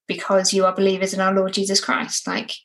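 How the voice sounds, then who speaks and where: A woman's voice: medium pitch, monotone, a little fast, fairly bright tone, rough recording. A woman co-hosting a casual Bible study discussion, earnest and reflective, often ending points with tag questions. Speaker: co-host discussing a Bible passage.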